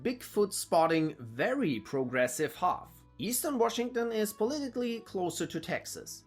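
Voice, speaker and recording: Man from Germany, scripted narration, husky voice, animated pitch, wry stereotype listing, faint music behind. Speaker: channel host.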